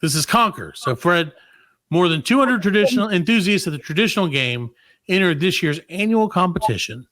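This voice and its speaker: A man's voice: high-pitched, animated, fairly quick, a bit bright, no room sound, studio quality. A man hosting a comedy podcast, joking loosely and reading tech news aloud in casual chat. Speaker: podcast host.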